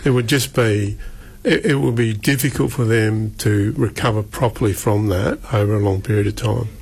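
A man, a radio guest speaking earnestly and haltingly with many restarts. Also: lowish voice, fairly even intonation, gravelly, darkish tone. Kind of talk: radio interview.

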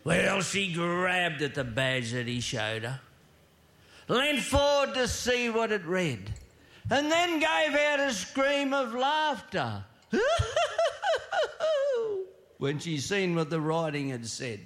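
A man's voice: high voice, sing-song, a bit bright. A man reciting a comic rhyming poem as a storyteller. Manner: storytelling, drawn-out delivery.

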